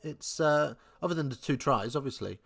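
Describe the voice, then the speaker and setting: Young man, from england, casual live match chat, thinks aloud, answers viewer comments, middle-pitched voice. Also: lively intonation, moderate pace, creaky, fairly bright tone. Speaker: live watch-along host.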